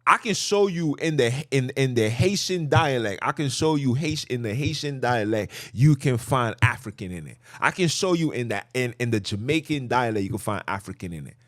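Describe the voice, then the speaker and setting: Brief: male podcast host, impassioned monologue, swooping pitch, dry close sound, repeats for emphasis. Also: a little fast, hardly any pauses, dry recording. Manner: animated, preachy, repeats himself for emphasis.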